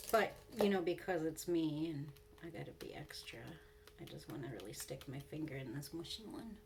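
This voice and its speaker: A woman's voice: low-pitched, animated, moderate pace, a little hiss or hum. A young woman beauty vlogger telling a story in casual chat, laughing often and swearing bluntly while she does her makeup.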